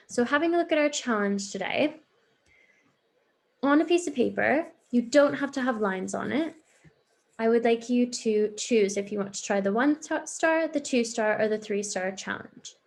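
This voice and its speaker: A woman's voice: on the high side, creaky. A woman, a primary school teacher giving a recorded online lesson to young children, patient and encouraging as she explains step by step.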